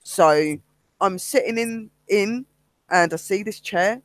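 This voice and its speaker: British man, paranormal investigator, animated storyteller, high voice, dry recording. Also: slow pace, no echo. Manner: animated storyteller, acts out quotes. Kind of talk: casual chat, telling a ghost story.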